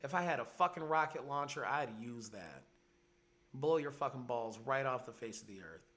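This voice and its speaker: A man's voice: medium pitch, expressive, normal speed, a bit bright. A man in his forties hosting a podcast, ranting in heated, profane commentary. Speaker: podcast host. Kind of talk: angry commentary monologue. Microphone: podcast mic.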